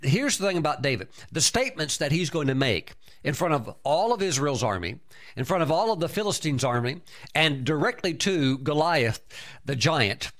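Emphatic preacher with frequent praise exclamations. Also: male voice, a little high, sing-song, normal speed, fairly bright tone. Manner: repeats words and restarts often. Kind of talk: sermon.

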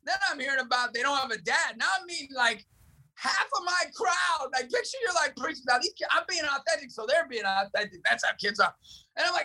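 Male evangelist guest, fiery and emphatic, bright forceful tone. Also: very high-pitched, animated, fast talker, rough recording. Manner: impassioned, emphatic, repetitive punchy phrases. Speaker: ministry director, guest. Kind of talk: fervent preaching-style talk.

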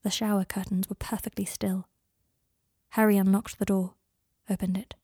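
A woman narrating her own story in a soft, even manner. Her voice is husky with a breathy edge, recorded close and dry, with no room sound. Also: mid-range voice, normal speed, no room sound. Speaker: author and narrator.

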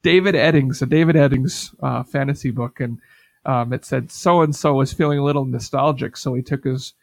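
A man's voice: mid-range voice, moderate pace, creaky, a little mellow, dry recording. A man co-hosting a podcast in casual chat, telling rambling stories full of "like" fillers. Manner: rambling storyteller, many "like" fillers. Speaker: podcast co-host.

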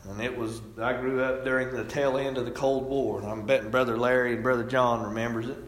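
A man's voice: mid-range voice, level tone, a little fast. A middle-aged man preaching a sermon, telling folksy stories with rising and falling emphasis. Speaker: pastor. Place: church sanctuary. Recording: echoey hall, distant mic.

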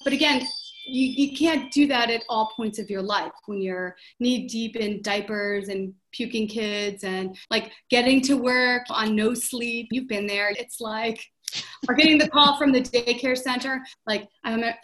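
Brief: forties woman executive, fairly high voice, open and reflective interview guest. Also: steady tone, a little slow, a bit bright, a little hiss or hum. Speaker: showroom CEO, podcast guest. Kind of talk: candid conversational interview.

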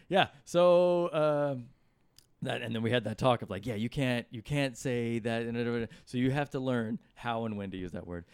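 A man's voice: mid-range voice, animated, moderate pace, fairly bright tone, dry recording. A middle-aged man telling rambling stories in casual chat, with lots of fillers and restarts. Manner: rambling anecdotes with many fillers. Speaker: guest comedian and musician. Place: hotel room.

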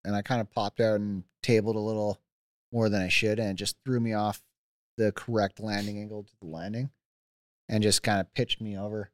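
A man's voice: fairly low pitch, no room sound. A man in his thirties, a mountain biker guest telling his injury stories in a laid-back chat, with many likes and restarts. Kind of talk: casual chat.

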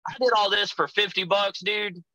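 Profane, rambling young man with a bright voice. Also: high voice, fairly even intonation, normal speed, dry recording, low-quality recording. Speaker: guest, pro wrestler. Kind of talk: casual podcast chat.

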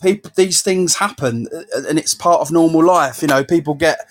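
A man co-hosting a casual podcast, relaxed and supportive, often calling the host mate. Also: fairly high pitch, moderate pace.

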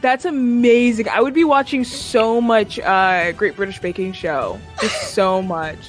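A woman's voice: mid-range voice, unhurried, soft background music. A woman game master wrapping up an online tabletop game show, chatting casually, laughing and rambling with plenty of fillers. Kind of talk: casual sign-off chat.

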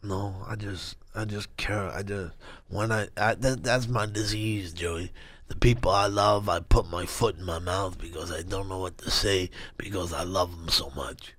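A middle-aged man being interviewed, speaking haltingly, repeating himself and swinging between mumbling and loud. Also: low voice, fairly even intonation, dry recording. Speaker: guest. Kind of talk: casual interview.

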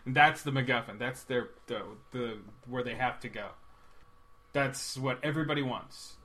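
A man co-hosting a casual movie review chat, animated and rambling, quick to joke. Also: medium pitch. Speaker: podcast co-host.

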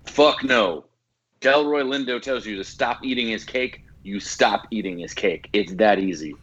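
A man's voice: lowish voice, measured pace, fairly bright tone. Brief: opinionated male podcast co-host, emphatic, a little muffled. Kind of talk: casual movie-review chat.

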